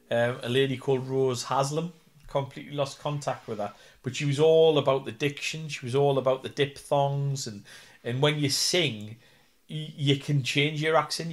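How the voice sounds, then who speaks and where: A man with a Geordie accent, an actor and singer chatting in an interview, self-deprecating and full of fillers. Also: medium pitch. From North East England. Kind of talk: casual interview chat.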